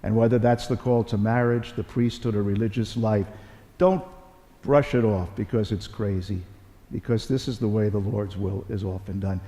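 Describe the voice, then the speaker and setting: Man, middle-aged, Catholic bishop, folksy homily, repeats himself, mellow voice, long church echo. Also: fairly low pitch, steady tone, normal speed. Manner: folksy storytelling, repeats phrases, self-deprecating humor. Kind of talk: conversational homily at Mass. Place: large church.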